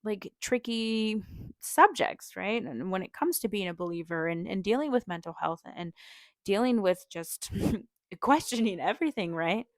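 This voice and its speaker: A woman's voice: medium pitch, lively intonation, moderate pace, no room sound, studio quality. A young woman hosting a podcast, telling a personal story in a casual, earnest way, full of "like" and "um" and small laughs. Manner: chatty, with many "like" and "um" fillers and frequent small laughs; earnest and openly emotional. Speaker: podcast host.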